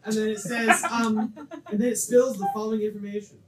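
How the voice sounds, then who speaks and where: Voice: mid-range voice, level tone, a little fast, a crowd in the background. A young person running a tabletop game as dungeon master, reading rules aloud with restarts and laughs. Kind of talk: casual game narration. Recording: echoey room, far from the mic.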